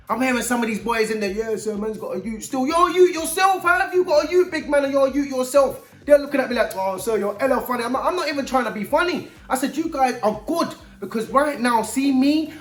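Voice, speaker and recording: A man with a London accent, speaking straight to young people as a mentor in emphatic street slang. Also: very high voice. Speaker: youth mentor. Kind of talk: direct-to-camera talk to young people. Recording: echoey room.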